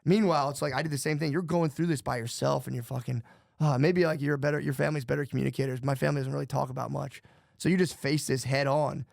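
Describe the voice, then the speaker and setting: A man's voice: medium pitch, steady tone, quick pace, vocal fry, dry recording, clean studio sound. A man in casual podcast chat, rambling and swearing, saying "dude" all the time. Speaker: podcast guest.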